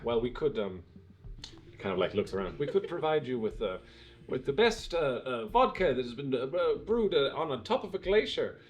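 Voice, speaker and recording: A man's voice: medium pitch, very animated, moderate pace, dull audio, voice pushed up, natural voice. A man playing a shifty, stammering bartender. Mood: sly. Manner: hesitant, stumbling, full of uhs. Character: shifty male bartender pushing odd drinks.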